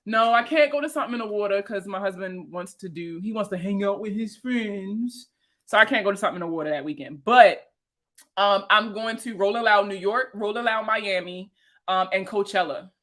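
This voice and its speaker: A woman around thirty with a Baltimore accent, hosting a casual livestream chat with viewers, slangy and profane and quick to laugh. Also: medium pitch, fairly bright tone. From Baltimore, USA. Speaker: host answering viewer comments.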